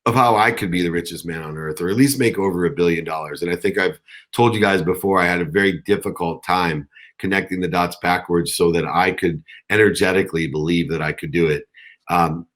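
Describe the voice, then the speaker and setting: A man's voice: sits low, brisk, fairly bright tone. A middle-aged man mentoring on a coaching call, talking earnestly and rambling with many restarts. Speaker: guest mentor.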